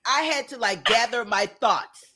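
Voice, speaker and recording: A woman co-hosting a podcast, telling a story in casual chat, blunt and animated and laughing often. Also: a little high, unhurried, a crowd in the background. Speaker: podcast co-host.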